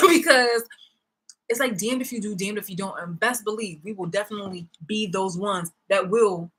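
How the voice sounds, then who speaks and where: Woman on a sweary angry vlog rant, sarcastic, kinda raspy but bright voice. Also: mid-range voice, normal speed, poor audio. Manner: profane, angry, sarcastic, with bursts of laughter. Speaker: vlogger.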